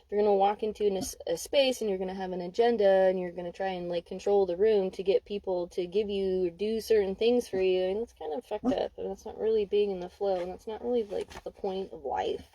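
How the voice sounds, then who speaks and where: A woman's voice: mid-range voice, steady tone, a little fast, few pauses, warm tone, no echo, poor audio. A young adult woman giving a casual spoken card reading, candid and emphatic, swearing freely. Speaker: intuitive card reader. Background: dog barking.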